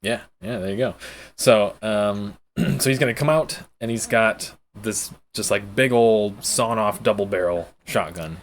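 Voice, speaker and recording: A man narrating as game master in a loose, casual way, laughing often and filling pauses. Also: on the low side. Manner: loose and laughing, many fillers.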